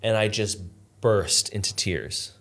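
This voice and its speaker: A man's voice: lowish voice, slow pace, a bit bright. A man as a podcast guest, earnestly telling a personal story in a reflective, casual way, with lots of "like". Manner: earnest, reflective, uses "like" often.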